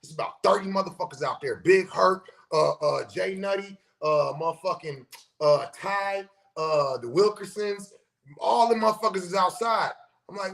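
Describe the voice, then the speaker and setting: A middle-aged man with a notably high voice tells stories on a podcast in a loose, profane way. He keeps things animated, slipping into the voices of the people in his tale. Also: normal speed, gravelly. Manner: profane, animated storyteller who acts out quotes. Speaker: podcast host. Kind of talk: casual storytelling.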